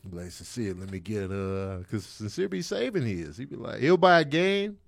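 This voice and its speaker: Laid-back man telling lively stories. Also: fairly low pitch, normal speed, gravelly. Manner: laid-back, animated storytelling with voiced quotes. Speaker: podcast co-host, father. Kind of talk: casual chat.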